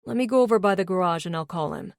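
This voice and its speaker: A woman's voice: fairly low pitch, lively intonation, fast, creaky, dry recording, studio quality. A woman narrator voicing a goofy, squeamish young biker man who gets flustered.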